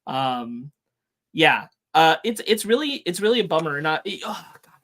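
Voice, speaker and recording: A man co-hosting a casual podcast, his voice a bit higher than most men's. He talks earnestly, stopping and restarting as he works through his thoughts. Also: big pitch swings, moderate pace, a bit bright. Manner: earnest, thinks aloud with restarts. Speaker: podcast co-host.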